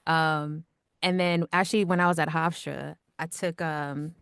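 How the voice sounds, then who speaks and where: A woman with a low, calm voice talks casually about her work in radio and voice acting. Her speech is relaxed and natural, full of "like" and "you know." The sound is dry and close, with no room echo. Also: a little slow, clean tone. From Long Island and Georgia. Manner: chatty, lots of "like" and "you know". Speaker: radio producer and voice actor. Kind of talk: casual interview answers.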